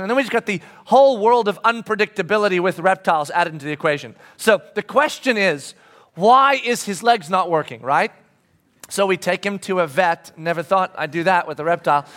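Middle-aged male preacher, slightly high voice, conversational storyteller who restarts often and drops soft to reflect. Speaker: pastor. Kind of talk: sermon with a personal story. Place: church sanctuary.

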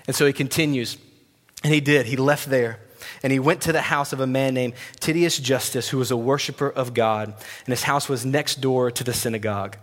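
A man's voice: mid-range voice, moderate pace, fairly bright tone. Man preaching in a reverberant hall. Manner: conversational and emphatic, retelling scripture. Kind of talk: sermon. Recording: long reverb of a large hall.

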